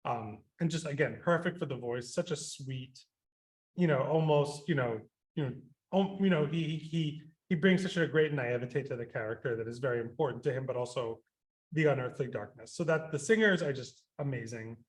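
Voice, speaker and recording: Man, composer, radio interview, rambling, filler-heavy, animated. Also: medium pitch, normal speed. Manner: rambling, many fillers and restarts; animated when quoting himself.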